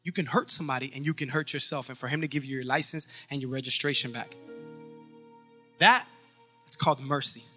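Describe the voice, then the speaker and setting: Bright, forceful preaching man. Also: mid-range voice, fairly even intonation, brisk, pauses often, soft background music. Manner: emphatic preaching, acts out stories. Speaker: pastor. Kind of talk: sermon.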